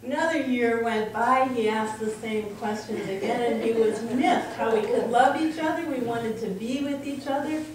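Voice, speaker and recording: A woman's voice: fairly high pitch, normal speed, hardly any pauses, a little mellow. A woman minister giving a reflective talk to a congregation, telling stories in an earnest way. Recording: echoey room from far off, faint noise.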